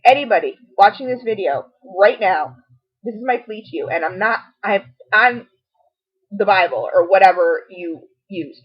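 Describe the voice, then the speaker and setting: A woman's voice: mid-range voice, lively intonation, normal speed, breathy edge. A middle-aged woman gushing through a casual product review to camera, chatty and full of asides. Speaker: beauty and home product vlogger. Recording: dull lo-fi home video audio.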